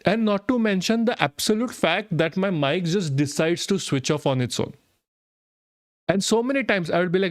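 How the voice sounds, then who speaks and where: A man, hoarse from being sick, rants in frustration on a live stream and swears constantly. His voice sits a little high for a man. The sound is dry and close, with no room echo. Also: lively intonation, moderate pace. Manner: frustrated, swears heavily, mixes in Hindi.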